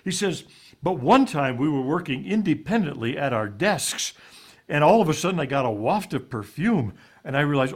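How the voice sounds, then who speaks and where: A man's voice: on the high side, big pitch swings, normal speed. A man telling a heartfelt story as a guest on a talk show, earnest and folksy, with plenty of "uh"s. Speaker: guest speaker.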